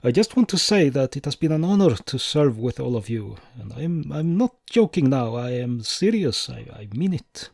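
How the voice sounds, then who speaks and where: A man voicing a sentimental male soldier giving a halting, heartfelt farewell toast in an audiobook. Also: mid-range voice, big pitch swings, gravelly, darkish tone, no echo, clean studio sound. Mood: earnest. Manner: halting, stumbling over earnest words. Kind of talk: audiobook dialogue.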